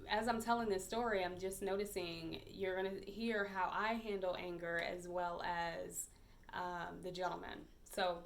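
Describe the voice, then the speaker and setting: A woman podcast host telling a personal story in a reflective, hesitant way, with many pauses and fillers. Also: mid-range voice, vocal fry, a little hiss or hum.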